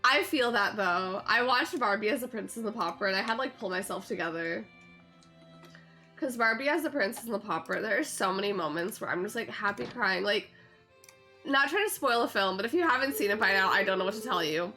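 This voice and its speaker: A woman's voice: medium pitch, animated, a little fast, sharp tone, soft background music. A young woman streaming a farming game, chatting in an emotional, gushing way full of "like"s. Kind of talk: casual game-stream chat.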